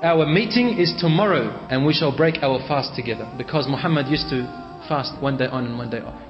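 A man's voice: medium pitch, a little fast. A male preacher dramatically retelling a religious story, voicing its people in quoted speech and mixing in Arabic phrases. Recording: echoey hall, dull lo-fi sound, faint music.

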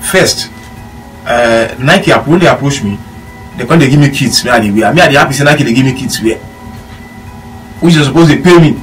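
Fast-talking Nigerian Pidgin man. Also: medium pitch, fairly bright tone, faint music behind. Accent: Nigerian Pidgin English. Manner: rambling anecdotes with quoted dialogue. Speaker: former footballer guest. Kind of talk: casual storytelling chat. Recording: distant mic with faint room noise.

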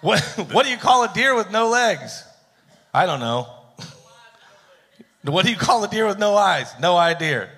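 A man's voice: high-pitched, sing-song, unhurried, pauses often, fairly bright tone. A man hosting a live joke contest on stage, telling jokes and chuckling at his own punchlines. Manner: chuckling, playful storyteller. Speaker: event host running a joke contest. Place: theater stage, live event. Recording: long theater hall reverb.

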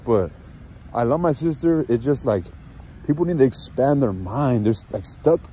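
A man's voice: mid-range voice, lively intonation, moderate pace, dark tone, a little hiss or hum. A young man telling a casual story as a father, rambling with many fillers and sounding frustrated. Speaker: father vlogger.

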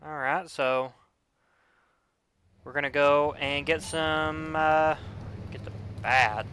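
A young man giving casual let's play commentary, with frequent profane, excitable outbursts. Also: on the high side, slow, slight background noise. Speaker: gamer.

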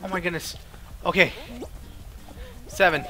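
A man giving excited, animated commentary over his own gameplay, yelping and laughing at his mishaps. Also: sits high, moderate pace, long pauses, background noise. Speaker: gaming video host.

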